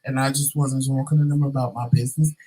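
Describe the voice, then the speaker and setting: A man vlogging, telling a story in a casual, animated and sassy way with dramatic asides to his viewers. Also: medium pitch, fast talker, husky, rough recording.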